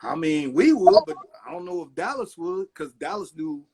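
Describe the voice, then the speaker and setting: With a high-pitched, husky voice at a moderate pace, a middle-aged man who produces records recounts stories during a relaxed interview. He brings the anecdotes to life by performing the people he quotes.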